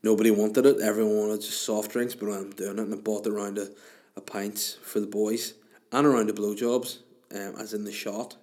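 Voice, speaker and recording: A man's voice: on the low side, level tone, normal speed, darkish tone. A man, hosting a casual chat show and answering listener questions in a rambling, crude, self-mocking way.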